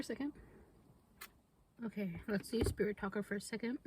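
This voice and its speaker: A woman's voice: medium pitch, fairly even intonation, brisk, pauses often, background noise. A woman vlogging outdoors at a cemetery, asking questions casually and sometimes dropping to a whisper. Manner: questioning, often drops to a whisper. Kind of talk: casual ghost-hunting vlog talk.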